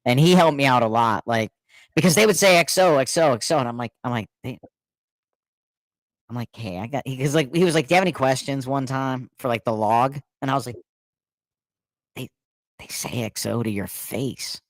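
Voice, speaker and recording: A man telling animated stories in a casual chat, acting out what people said and laughing often. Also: medium pitch, brisk, pauses often, no echo, low-quality recording. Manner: animated storyteller, acts out quotes, laughs often.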